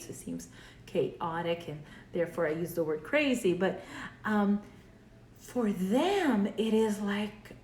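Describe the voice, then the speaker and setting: A woman therapist giving a casual video lesson, explaining conversationally and often checking in with "right?". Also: medium pitch. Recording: echoey room, faint background hum.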